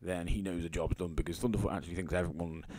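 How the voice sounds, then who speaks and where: A man's voice: deep voice, fairly even intonation, fast talker, darkish tone, no echo. A man commenting on tweets he reads aloud, sarcastic and scornful, mocking their writers with fake sympathy. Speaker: YouTube commentator.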